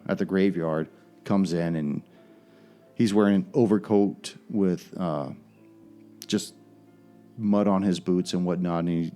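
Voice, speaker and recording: A man narrating as game master of a tabletop game, with measured, descriptive storytelling. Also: low voice, mellow.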